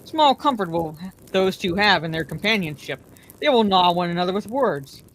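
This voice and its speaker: A woman's voice: fairly low pitch, expressive, moderate pace, slight background noise, natural voice. Stern old wizard, commanding, a bit weary, a lady reading him in her own voice. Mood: grave.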